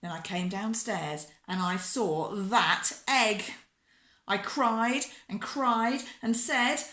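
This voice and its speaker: A woman reading a children's picture book aloud in a warm, expressive storyteller manner. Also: mid-range voice, slow, echoey room.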